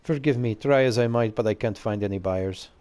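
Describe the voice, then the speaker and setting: A man voicing an earnest young male merchant in a video game, putting on a soft, made-up accent. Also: a little fast, close to an everyday voice. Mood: apologetic. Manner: softer, lower voice with an odd made-up accent.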